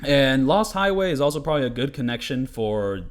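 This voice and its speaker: A man's voice: medium pitch, animated, fairly quick. Rambling, profane young man commentating. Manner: rambling, profane, many filler likes. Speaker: gaming commentator. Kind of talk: casual game commentary.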